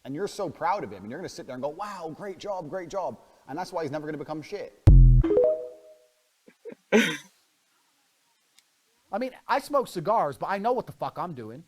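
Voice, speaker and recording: A man's voice: fairly high pitch, big pitch swings, brisk, long pauses. A man in a brash monologue, talking in a boastful, profane and mocking way. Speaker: internet personality in played clips. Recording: reverberant clips with music underneath.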